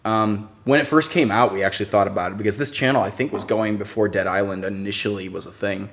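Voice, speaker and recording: A man hosting a casual live-stream chat, jokey and quick to laugh. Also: fairly low pitch, fairly even intonation, fairly bright tone. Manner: chatty, laughs often, jokey. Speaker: host of a channel live stream.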